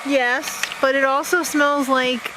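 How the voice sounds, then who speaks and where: A woman's voice: high-pitched, steady tone, takes it slowly. A woman chatting casually at home, laughing often and reacting with dramatic disgust. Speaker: vlog host. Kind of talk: casual chat. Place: home kitchen, then a yard outdoors. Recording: noisy home video.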